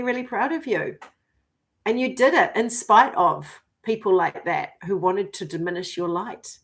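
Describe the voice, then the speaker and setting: A woman in her fifties talks straight to camera as a spiritual coach. She swears freely and hammers her points home. Between her loud declarations she sinks into hushed, breathy whispers. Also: mid-range voice. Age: 50s. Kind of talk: spiritual vlog monologue.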